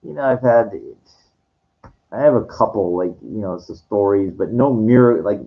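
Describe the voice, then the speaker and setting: A man telling a personal story in a casual monologue, halting and rambling, with many restarts, fillers and casual swearing. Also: lowish voice, creaky, phone-quality sound. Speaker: vlogger.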